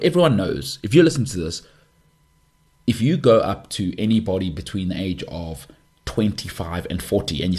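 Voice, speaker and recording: A man's voice: lowish voice, darkish tone, breathy edge. A man, a podcast host rambling through a casual monologue full of jokey asides. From South Africa.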